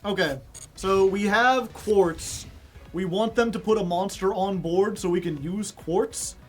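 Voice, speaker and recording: A man's voice: high-pitched, measured pace, soft background music. A young man streaming a card game, chatting casually and rambling through joking stories with frequent laughs. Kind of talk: casual chat while playing a card game.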